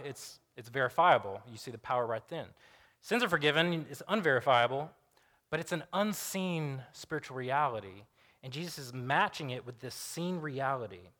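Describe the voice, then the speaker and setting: A man's voice: medium pitch, a bit bright. A young man preaching a sermon in a casual storytelling way, acting out the voices of the people in the story.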